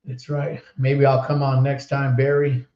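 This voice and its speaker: A man's voice: medium pitch, monotone, a little slow, a crowd in the background. Man, podcast host, upbeat, chatty, roomy sound, slightly muffled. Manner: upbeat, reads viewer comments aloud, laughs easily. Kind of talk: casual live-stream chat.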